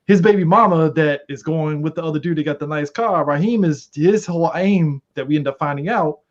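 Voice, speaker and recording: A man co-hosting a podcast film discussion, talking through his thoughts in a relaxed, conversational way. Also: fairly high pitch, a little fast. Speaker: podcast co-host. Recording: dull lo-fi podcast audio.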